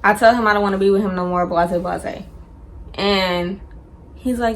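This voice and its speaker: Animated young woman telling a storytime. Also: lowish voice, fairly quick, a little hiss or hum. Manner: animated, slangy, acts out quotes. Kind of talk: casual storytime.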